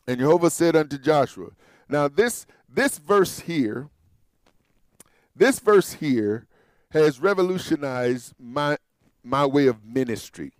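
Male Bible teacher, high voice, dry close sound, chatty and repetitive verse-by-verse explaining. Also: animated, slow, dry recording. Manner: conversational, explains and repeats phrases.

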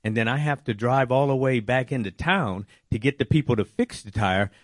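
A man telling a personal faith testimony, animated and acting out his own worried words. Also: medium pitch, normal speed, dry recording, clean studio sound. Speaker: testimony speaker.

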